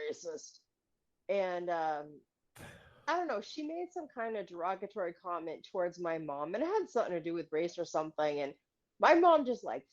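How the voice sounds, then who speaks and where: Female co-host, rambling and profane, ordinary mid-range pitch, muffled lo-fi recording. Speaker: podcast co-host. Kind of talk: casual chat.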